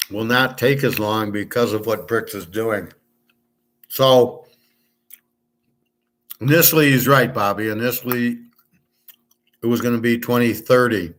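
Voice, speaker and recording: A man hosting a casual livestream, talking loud and clear on purpose, blunt and opinionated, rambling from one point to the next. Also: mid-range voice, slow, pauses often. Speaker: sports handicapping show host. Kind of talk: casual livestream chat with viewers.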